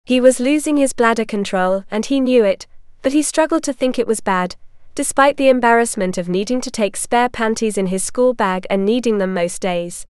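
A woman reading a story aloud in a steady, matter-of-fact scripted narration. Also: fairly high pitch, normal speed, smooth, dry recording, clean studio sound.

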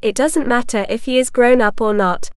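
A woman reading the part of a calm, self-assured woman who answers in a matter-of-fact way. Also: on the high side, moderate pace, smooth, dry recording, studio quality, close to an everyday voice.

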